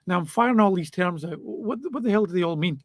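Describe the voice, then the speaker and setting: A man's voice: sits high, fast, no room sound. A man teaching a live online physics lesson in a chatty way, with jokes and asides to his students.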